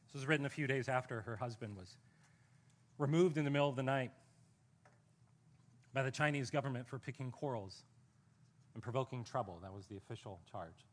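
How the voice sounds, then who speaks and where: A man preaching a sermon as pastor, conversational and self-deprecating, reading a letter aloud slowly and softly. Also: a little high.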